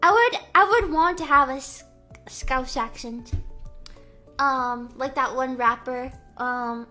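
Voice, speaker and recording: A woman's voice: high-pitched, slow, pushed and bright, faint music behind. A woman streaming, chatting casually in a playful, rambling way full of "like" and "um". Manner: playful, jokey. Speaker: livestreamer. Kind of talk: casual chat.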